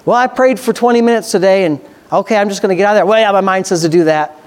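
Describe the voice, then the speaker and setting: A man delivers a sermon. He reads scripture slowly and carefully. He then builds into loud, excited exhortation, with his voice climbing. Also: high-pitched. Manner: swings from slow scripture reading to loud excited preaching. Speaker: preacher.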